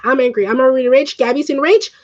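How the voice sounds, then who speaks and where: A woman's voice: sits high, fast talker, darkish tone, muffled recording. A young woman who grew up speaking Spanish, ranting emotionally and swearing in a home vlog. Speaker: vlogger.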